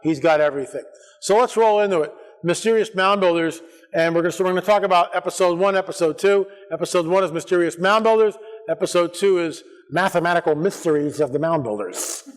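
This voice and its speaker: Male conference speaker, slightly high voice, loose rambling storyteller, church-hall reverb. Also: quick pace. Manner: rambling, animated, acts out quoted voices.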